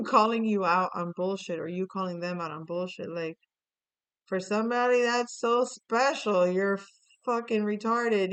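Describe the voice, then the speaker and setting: A woman giving a loose, chatty tarot reading with a smooth, clean voice at a middle pitch. She wanders through fillers and restarts and drops the odd swear word. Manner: rambling, many fillers and restarts, swearing, laughs often. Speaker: tarot reader. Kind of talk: casual spoken reading.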